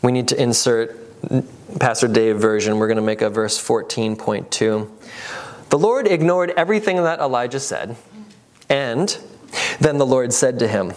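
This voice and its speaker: Man, pastor, sermon, animated, acts out scripture voices. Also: medium pitch, unhurried. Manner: animated, voices the characters in the passages he reads.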